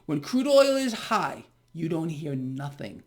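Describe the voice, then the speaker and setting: A man's voice: fairly high pitch, sing-song, unhurried. A man giving an emphatic market commentary straight to his viewers, repeating his words and often checking in with "okay?" and "people". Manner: calls his audience "people". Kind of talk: direct-to-camera market commentary.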